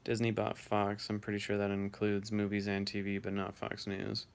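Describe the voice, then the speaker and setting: A man's voice: fairly low pitch, monotone, normal speed, vocal fry, smooth. A man hosting a casual live stream, reading viewers' messages aloud and answering them offhandedly.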